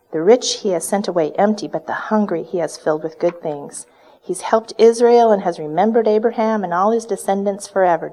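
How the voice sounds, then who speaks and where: A woman's voice: medium pitch, darkish tone. A woman performing a first-person dramatic monologue, earnest and full of reverent wonder. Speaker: storyteller in character.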